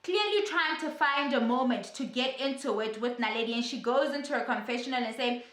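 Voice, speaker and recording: A young woman dishes on internet drama in a chatty, sassy vlog. Her voice sits fairly high and sounds bright and sharp. The room around her gives an echo. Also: moderate pace, few pauses. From South Africa. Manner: chatty, animated and sassy storytelling. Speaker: YouTuber. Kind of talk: casual gossip vlog commentary.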